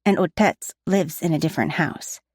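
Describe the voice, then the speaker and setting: A woman's voice: low-pitched, normal speed, darkish tone, no echo. A woman voicing a wary young boy who speaks in a guarded, matter-of-fact way in an audiobook.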